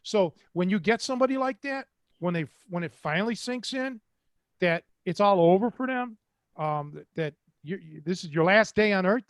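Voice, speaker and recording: A man's voice: sits high, expressive, normal speed, no echo, clean studio sound. An older man from Cleveland, hosting and telling rambling, streetwise stories in a casual way. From Cleveland, Ohio. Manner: rambling, streetwise, quotes others in voices. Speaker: host. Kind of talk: casual storytelling.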